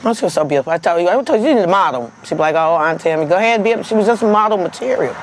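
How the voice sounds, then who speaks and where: A woman's voice: lowish voice, lively intonation, racing, noisy background. A middle-aged woman giving a heartfelt, tearful interview as a victim's aunt. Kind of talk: emotional interview.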